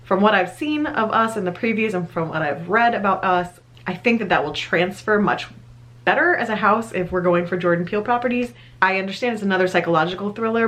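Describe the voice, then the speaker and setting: Thirtysomething woman vlogging, lowish voice, chatty and excited, laughs a lot. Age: 30s. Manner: chatty and enthusiastic, laughs often. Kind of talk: casual chat to camera.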